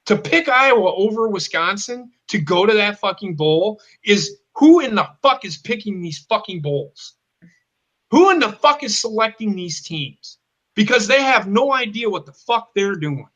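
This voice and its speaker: High, bright-voiced man ranting about football. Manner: swears constantly, heated and blunt. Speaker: co-host. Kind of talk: profane football rant.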